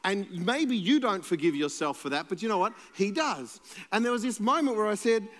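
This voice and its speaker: A man's voice: high-pitched, animated, brisk, fairly bright tone, big-room sound. A man with an Australian accent, a pastor preaching a sermon in a conversational, playful way and joking with the congregation.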